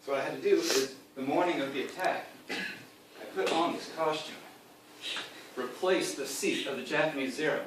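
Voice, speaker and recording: A man telling a deadpan comic tall tale, rambling on with loud acted-out quotes and chuckling asides. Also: on the high side, moderate pace. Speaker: speaker giving a comic presentation. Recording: echoey room from far off, faint hiss.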